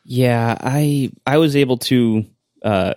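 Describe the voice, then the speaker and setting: A man's voice: medium pitch, slow pace, a little mellow, no echo, clean studio sound. A man in a casual podcast chat, hesitant and searching for words.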